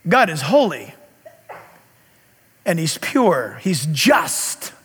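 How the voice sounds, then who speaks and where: A man preaching a sermon as pastor, telling stories in an animated way and breaking into loud calls. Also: on the high side, extremely slow, slightly rough, in a large hall.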